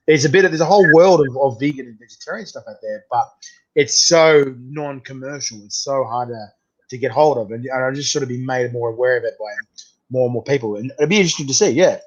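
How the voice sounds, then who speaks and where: Talking fast in a mid-range voice, an Australian man hosts a laid-back, talkative chat. He leans on "mate" a lot and frequently restarts his sentences, and the sound is muffled and lo-fi.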